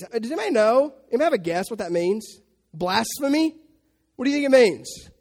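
A man's voice: very high voice, very animated, brisk, darkish tone. A man preaching a sermon in a conversational way, asking the audience questions. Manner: acts out quotes in funny voices.

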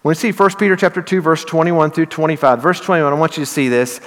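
A man's voice: fairly high pitch, fairly even intonation, fast talker, in a large hall. A middle-aged man with a Western Kentucky accent, preaching a sermon in an earnest, conversational way that rises to emphatic peaks. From Southern Illinois. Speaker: pastor.

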